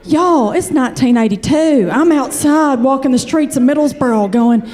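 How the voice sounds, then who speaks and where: Kentucky lady comic in her 40s, animated, talks right at the crowd. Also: high voice, moderate pace, slight background noise. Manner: chatty, animated, addresses the audience directly. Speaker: comedian. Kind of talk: stand-up storytelling.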